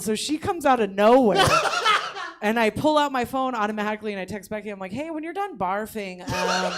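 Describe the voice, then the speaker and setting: A woman's voice: mid-range voice, noisy background. A woman telling a funny story on a comedy show, laughing often as she goes and putting on voices for the people she quotes. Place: comedy theater stage.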